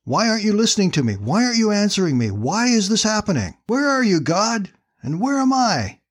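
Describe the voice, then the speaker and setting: A man's voice: mid-range voice, normal speed, natural voice. A man voicing a desperate shipwrecked man, a former preacher, in a storytelling sermon, pleading in rising questions.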